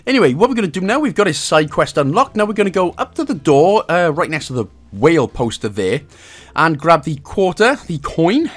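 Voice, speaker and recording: A man's voice: fairly high pitch, sing-song, a little fast. A man with a Welsh accent talking through a game walkthrough step by step, with jokey, chuckling asides between the instructions. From Wales. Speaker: gaming guide host.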